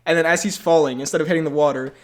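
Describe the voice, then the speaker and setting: A man's voice: a little high, steady tone, racing. A man in casual podcast conversation, his voice sitting a little above the usual male range. He rambles through fillers and breaks into laughter often. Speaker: podcast co-host. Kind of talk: casual chat.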